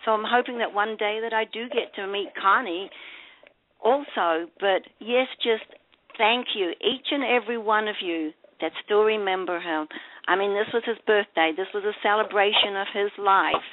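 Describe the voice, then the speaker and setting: A woman's voice: mid-range voice, normal speed. An older woman, a guest on a radio show, losing her voice as she speaks with heartfelt gratitude. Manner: emotional, grateful, heartfelt. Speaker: guest, widow of the honoree. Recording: phone-like line.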